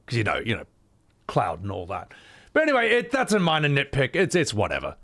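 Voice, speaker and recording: A man's voice: medium pitch, huge pitch swings, a little fast, a bit bright. A man giving casual, playful reaction commentary on a livestream, often laughing and swearing. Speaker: streamer.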